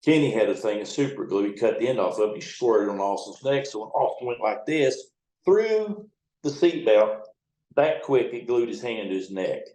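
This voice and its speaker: A middle-aged riverboat captain spins long, salty anecdotes, blunt and full of cussing. His voice sits low, and the room around him echoes noticeably. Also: expressive, moderate pace, dark tone. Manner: blunt and profane, rambling anecdotes. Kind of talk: casual storytelling in an interview.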